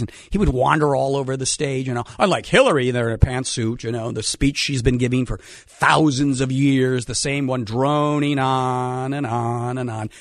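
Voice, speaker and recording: A man hosting a radio call-in show, animated and wry, a bit hoarse from a cold. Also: mid-range voice, no echo, studio quality. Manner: animated, wry, laughs while talking. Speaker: radio talk show host. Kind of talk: casual opinionated radio talk.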